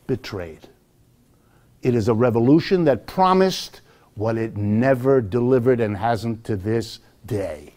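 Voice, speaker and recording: An economics professor giving a public lecture, telling history as a lively story and speaking straight to the crowd. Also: male voice, a little high. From United States. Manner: animated storytelling, addresses audience directly.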